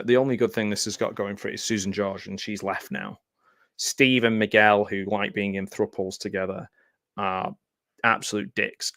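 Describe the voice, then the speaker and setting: A man's voice: fairly low pitch, creaky, pushed and bright, no room sound, studio quality. A man giving casual, sardonic live commentary over a movie, with lots of filler ums and wry asides. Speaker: film commentary host. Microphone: close mic in front of a green screen.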